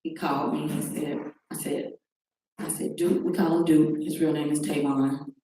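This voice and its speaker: Middle-aged woman guest, low dark voice, re-enacts the calls in her own story, recorded from afar in a reverberant room. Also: level tone, normal speed. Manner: recounts events by acting out quoted phone calls. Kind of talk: personal testimony on a talk show. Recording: very echoey room, distant mic, faint noise.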